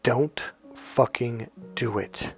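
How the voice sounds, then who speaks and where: A man's voice: medium pitch, steady tone, drawn-out words, gravelly, fairly bright tone, husky, faint music behind. A middle-aged man coaching on dating, giving blunt, profane advice mixed with stories. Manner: profane, emphatic, storytelling. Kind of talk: blunt advice monologue with anecdotes.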